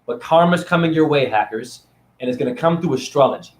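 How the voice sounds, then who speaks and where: A man ranting to camera in a rambling vlog monologue, swinging between loud outbursts and hushed asides. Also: mid-range voice, animated, a little fast. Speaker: vlogger and spiritual teacher.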